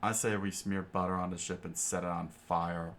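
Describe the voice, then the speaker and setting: Man doing a loud brash cook guy, hotheaded, yelling. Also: deep voice, level tone, moderate pace, slight background noise. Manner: shouting, brash. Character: hot-headed burly male cook, loud and brash.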